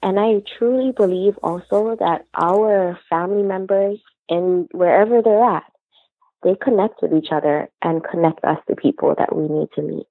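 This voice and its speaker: A woman guest speaks over a tinny, dry phone line. Her low voice has a gravelly, husky texture. She tells her story earnestly and retells the conversations as she goes. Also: normal speed, no room sound. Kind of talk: personal storytelling. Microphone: phone call.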